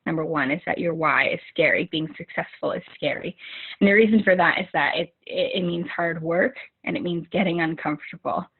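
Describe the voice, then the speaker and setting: A young woman with a low, husky voice gives a rambling pep talk to her team, full of fillers and restarts. She comes through a narrow, tinny video call line. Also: a little fast. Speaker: team leader giving a motivational talk.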